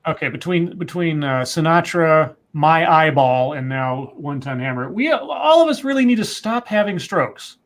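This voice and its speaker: A man's voice: a little high, expressive, moderate pace, hardly any pauses. A man co-hosting a livestream, reading news articles aloud and breaking in with asides and self-corrections. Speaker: co-host.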